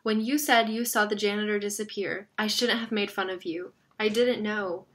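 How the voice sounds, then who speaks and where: A woman's voice: medium pitch, steady tone, normal speed, close to an everyday voice. A woman voicing a shaken, frightened young boy in a read-aloud story.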